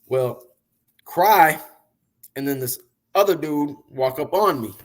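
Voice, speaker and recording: A man being interviewed, telling long, animated, profane stories about the music business in a casual way. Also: on the high side, slow. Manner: animated, profane, rambling storyteller. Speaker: interview guest, music industry figure.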